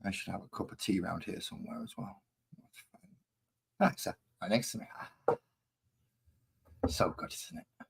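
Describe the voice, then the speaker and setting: A man's voice: sits low, very animated, fairly quick, vocal fry, pauses often, slightly rough. A man casually chatting on a live stream while painting models, rambling and easily distracted.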